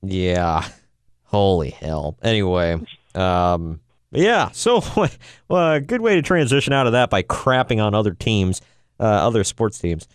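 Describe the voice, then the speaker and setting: A man's voice: lowish voice, expressive, measured pace, smooth, no echo, clean studio sound. A man co-hosting a podcast in casual chat, jokey and teasing, laughing often. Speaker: podcast co-host.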